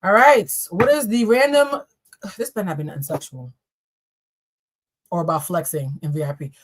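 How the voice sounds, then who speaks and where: A woman's voice: fairly low pitch, moderate pace. A young woman reading tarot on a live stream, chatting to viewers with casual, profane jokes and asides. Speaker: tarot reader.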